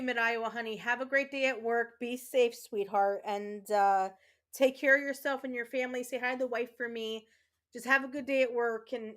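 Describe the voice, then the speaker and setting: A woman's voice: fairly high pitch, a bit bright. A woman streaming a game, chatting casually with her viewers and rambling with lots of fillers and restarts. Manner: emotional, tearful thanks to viewers. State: tearing up. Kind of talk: casual livestream chat while gaming.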